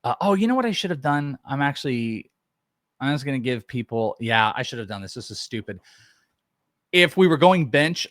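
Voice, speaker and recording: A man hosting a casual podcast chat, thinking aloud with animated energy. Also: medium pitch, no echo, clean studio sound. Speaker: host.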